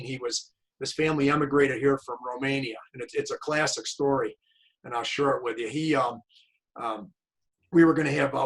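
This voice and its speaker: A man's voice: mid-range voice, fairly bright tone, low-quality recording. A man hosting an interview as a tennis coach, chatty and telling anecdotes over a video call. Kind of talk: casual interview chat.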